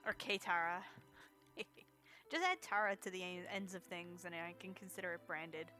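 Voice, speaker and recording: A woman's voice: lowish voice, normal speed, sharp tone, soft background music. A woman streamer giving chatty, casual commentary as she plays a game for a charity marathon, reacting to chat and laughing often.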